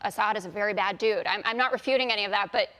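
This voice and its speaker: A woman's voice: mid-range voice, racing, pushed and bright. A woman on a TV panel, firmly defending her argument in an opinionated debate. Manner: insistent, stands her ground against pushback. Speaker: panelist on a TV talk show.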